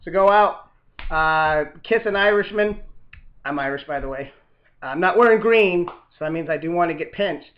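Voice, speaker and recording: A man's voice: a little high, normal speed. A man hosting his own show, delivering a sarcastic, rambling political news monologue with many fillers. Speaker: host. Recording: dull lo-fi recording.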